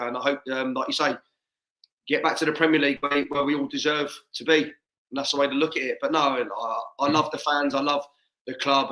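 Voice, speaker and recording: Bright-voiced English ex-footballer, echoey room. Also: male voice, mid-range voice. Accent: English, Watford area. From England. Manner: warm, laughs often, matey banter. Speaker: guest, former footballer. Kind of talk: casual video-call chat.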